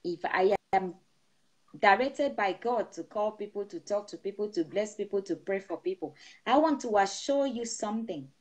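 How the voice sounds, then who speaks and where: A woman's voice: mid-range voice, expressive, normal speed, darkish tone. A middle-aged woman pastor preaching a sermon over an online broadcast, speaking in an emphatic, repetitive blessing cadence. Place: seated indoors.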